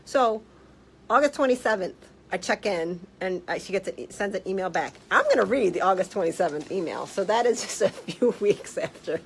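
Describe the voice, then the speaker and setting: A woman health practitioner telling a story in a casual vlog, blunt and animated, swearing freely. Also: mid-range voice, normal speed, vocal fry, a little hiss or hum, low-quality recording. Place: office.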